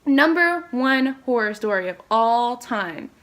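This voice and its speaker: Animated, rambling young woman storyteller. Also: takes it slowly. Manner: animated, rambling, lots of "like" fillers and sudden pitch jumps. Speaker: K-pop fan vlogger. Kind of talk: casual storytelling vlog.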